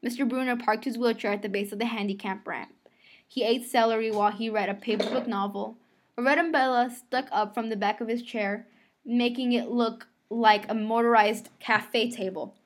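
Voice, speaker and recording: A woman reading a novel aloud in the first person, expressive, sometimes rereading a line after a slip. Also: a little high, moderate pace. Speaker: audiobook reader.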